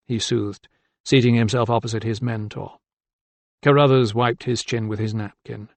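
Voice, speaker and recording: A man narrating an audiobook with steady, deliberate storytelling. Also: medium pitch, no room sound. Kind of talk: scripted narration.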